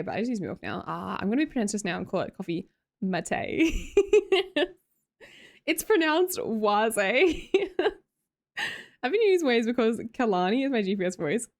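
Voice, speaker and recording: A young Australian woman with an Australian accent chatting casually as a live streamer, giggly and self-mocking while she reads out viewer comments. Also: on the high side.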